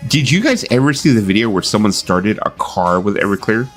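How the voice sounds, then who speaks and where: A man hosts a casual late-night livestream and jokes between drinks, laughing often. His voice is very low yet animated in pitch, and faint music plays behind him. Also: fairly quick. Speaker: livestream host. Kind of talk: casual chat while drinking on stream.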